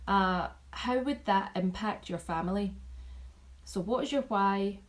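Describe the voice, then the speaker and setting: A woman talking casually to her team, chatty and animated, repeating herself and restarting sentences as she shares notes from an event. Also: medium pitch, unhurried, low-quality recording. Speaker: vlogger sharing event takeaways.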